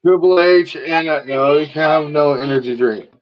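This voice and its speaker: Chill guy hosting a home podcast, bit higher voice, slangy and rambling, dull lo-fi sound. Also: normal speed. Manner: laid-back, rambling with slang. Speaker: podcast host. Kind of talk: casual chat.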